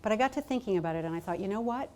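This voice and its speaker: A woman speaking as a keynote at a conference, telling personal stories with energy. She slips into quoted voices as she goes, pitch jumping up for the people she plays. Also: very fast. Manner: animated, acts out quoted voices. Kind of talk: storytelling conference speech. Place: conference hall.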